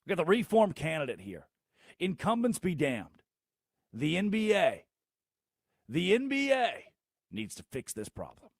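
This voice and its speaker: A man hosting a sports talk show, delivering a theatrical monologue full of sarcastic rhetorical questions and big swings in loudness. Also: on the high side, huge pitch swings, unhurried, long pauses, no room sound, clean studio sound. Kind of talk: animated monologue.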